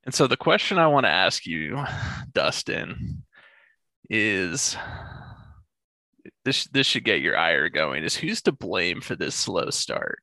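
A male podcast host chatting casually about sports. His voice is bright and forceful and swings widely in pitch, and the close mic makes it sound dry and up front. He tells stories with lots of animation. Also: takes it slowly, long pauses, no room sound. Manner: animated storytelling, laughs often.

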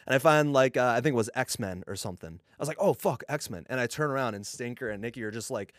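A man co-hosting a casual podcast, telling animated stories and acting out what people said. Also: medium pitch, quick pace, no room sound, studio quality. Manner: storytelling, animated, swearing, acting out quotes. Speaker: podcast co-host.

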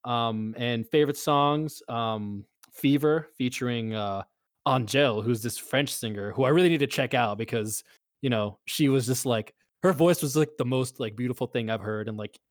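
A man's voice: mid-range voice, moderate pace, no room sound, studio quality. A man co-hosting a casual podcast, talking loosely with lots of fillers. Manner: loose, filler-heavy, upbeat. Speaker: podcast co-host. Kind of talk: casual chat.

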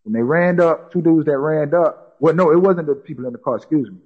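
A man's voice: a little high, fairly quick, breathy edge, narrow, tinny audio. A man telling a personal story in casual talk, repeating himself and acting out what people said. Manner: repetitive, acts out quoted dialogue.

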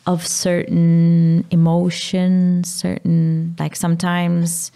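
A Maltese-accented woman, a mother talking candidly about her sick child, pausing and searching for her words. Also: lowish voice, completely flat delivery, vocal fry, dark tone, clean tone. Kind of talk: candid emotional conversation.

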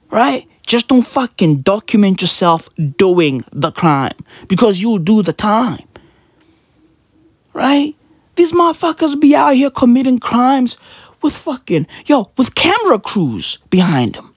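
A husky-voiced man hosts a comedic podcast, delivering a profane, mocking rant at an unhurried pace. His pitch swings wildly, firing off rhetorical questions and leaping into high yelps. The sound is dry and close. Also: very animated, no echo. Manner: often jumps up into high, yelping exclamations. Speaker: podcast host.

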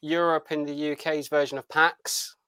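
A man's voice: a little high, little pitch movement, normal speed, sharp tone, clear, resonant tone, no echo. A man from the United Kingdom chatting on a podcast, hesitant and full of fillers. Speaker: podcast guest. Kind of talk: casual chat.

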